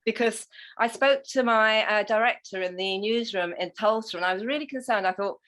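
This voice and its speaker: A woman's voice: mid-range voice, fairly quick, a bit bright. A middle-aged English woman, an interview guest, telling her story with enthusiasm and animation. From England. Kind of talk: conversational interview.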